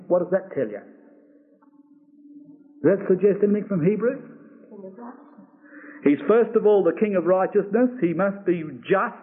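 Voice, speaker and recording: A man preaching a Bible exposition sermon to his congregation, earnestly asking rhetorical questions and reading scripture slowly. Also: sits high. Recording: tinny phone-like lo-fi recording.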